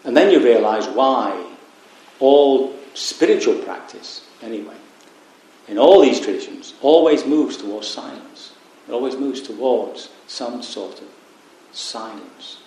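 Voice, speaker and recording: A man giving a Buddhist dharma talk at a retreat, reflective and unhurried with wry asides. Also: medium pitch, lively intonation, mellow. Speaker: Buddhist meditation teacher. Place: retreat meditation hall. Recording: very echoey room.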